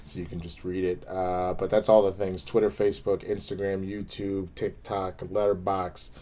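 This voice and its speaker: A man co-hosting a casual episode review, talking in long, animated, reflective runs. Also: low-pitched, moderate pace. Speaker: co-host, show reviewer.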